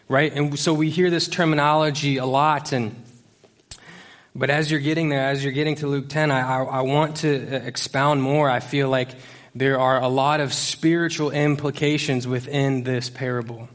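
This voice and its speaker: A man gives a laid-back sermon to a church congregation as its youth pastor, his voice sitting at an ordinary middle pitch. He talks loosely and jokes along the way, with plenty of ums and restarts. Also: steady tone, normal speed. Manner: casual, joking, many fillers. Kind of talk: conversational sermon. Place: church service before a congregation.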